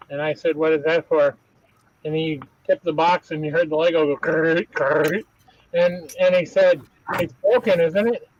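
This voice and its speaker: Man, slightly high voice, rambling anecdote, casual chat, dull lo-fi call audio. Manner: rambling anecdote teller, chuckles at his own stories.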